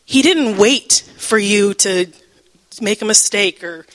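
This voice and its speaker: Woman, Bible teacher, personal testimony, emotional, halting, fillers and restarts, laughs at times, middle pitch. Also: big-room sound, low-quality recording. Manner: breaks into laughter.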